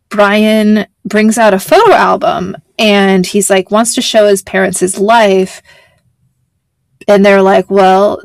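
Chatty woman with a gravelly edge. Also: medium pitch, no echo. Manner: rambling, laughs often, swears casually. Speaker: podcast host recapping a TV show. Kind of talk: casual chat.

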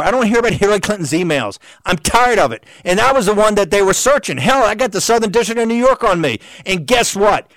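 Guy ranting hard on his show, combative, keeps repeating himself, kinda high voice, dry close mic. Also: animated, quick pace, few pauses, no room sound. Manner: shouting, combative, repetitive rhetorical questions. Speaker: show host. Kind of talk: heated political monologue.

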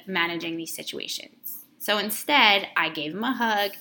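A woman's voice: fairly high pitch, normal speed, hardly any pauses, bright, forceful tone. A woman and mother in casual chat, telling a family story candidly and swearing freely. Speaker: podcast co-host, mother.

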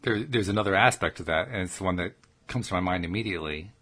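A man's voice: sits low, fast talker, fairly bright tone, breathy edge. A man co-hosting a casual talk show, asking probing coaching questions and often restarting his sentences. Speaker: podcast co-host.

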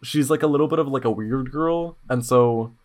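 A man hosting a podcast in casual chat, telling stories in a blunt, slangy, animated way with sudden excited jumps in pitch. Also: moderate pace. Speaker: podcast host.

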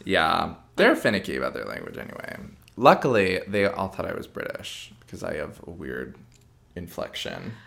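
A drag queen co-host with an American accent, talking casually and playfully on a podcast. Her voice swings widely in pitch as she riffs and drops into silly little voices. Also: big pitch swings, moderate pace, gravelly, a bit bright. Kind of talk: casual chat.

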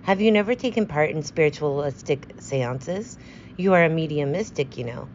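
A fussy, precise male detective with a clipped, self-assured manner, as a woman voices him in a storybook reading. The voice sits low. The recording is slightly dull, with a faint hiss behind it. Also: lively intonation, moderate pace, a little mellow. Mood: calm.

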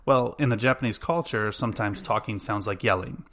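Guy hosting a podcast, kinda low voice, excited and rambly. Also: brisk. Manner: enthusiastic, rambling with fillers. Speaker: podcast host. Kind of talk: casual chat.

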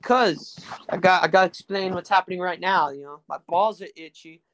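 A man's voice: high-pitched, brisk, a bit bright, a little hiss or hum. A young man from South Texas hosting a casual podcast, telling crude, rambling stories full of fillers and jokes. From Rio Grande Valley, Texas. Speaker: podcast host.

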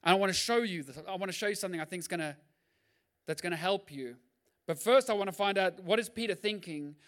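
A male pastor preaching a sermon in an animated, jokey way, acting out Bible scenes. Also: high voice, quick pace.

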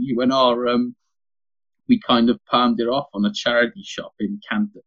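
A man's voice: medium pitch, brisk, dull audio. A young father, telling stories in a casual podcast chat, swearing freely. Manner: sweary, animated anecdote teller.

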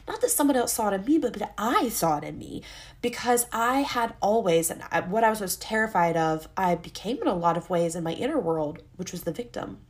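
A woman's voice: medium pitch, expressive, a little fast. A young adult woman hosting a solo podcast, talking candidly in a rambling, self-interrupting way. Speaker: podcast host. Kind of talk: casual solo podcast monologue.

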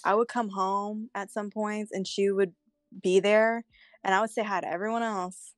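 A woman's voice: mid-range voice, flat delivery, normal speed, no echo, studio quality. A young woman telling a candid story in casual chat, swearing freely.

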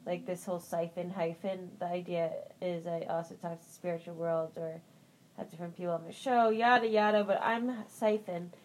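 A woman's voice: fairly low pitch, fairly even intonation, normal speed, poor audio. A woman hosting a motivational morning podcast, rambling and upbeat, with lots of "like" and "you know" and encouraging pep talk. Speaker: podcast host.

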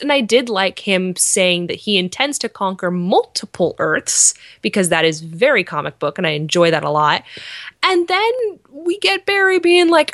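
A woman's voice: mid-range voice, very animated, a bit bright, no echo, clean studio sound. A woman co-hosting a podcast, casually recapping a TV episode and playfully acting out the characters' lines. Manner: playful, acts out characters' lines in quick voices. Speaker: podcast co-host. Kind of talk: casual fan review chat.

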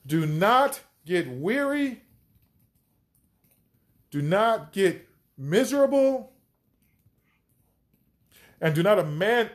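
This is a man hosting a faith podcast who reads scripture aloud and then stops to comment on it. He keeps an unhurried pace and presses hard on the key words. His voice sits slightly high. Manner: emphatic and reflective, reading scripture aloud and commenting. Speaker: podcast host and Bible teacher. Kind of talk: conversational Bible teaching.

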